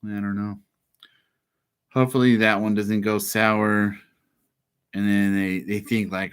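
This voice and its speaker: A man's voice: on the low side, flat delivery, a little slow, long pauses, clean tone. A man who works as a process server tells work stories in a loose, rambling way, with lots of "like" fillers. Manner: laid-back, rambling, heavy "like" fillers. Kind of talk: casual storytelling.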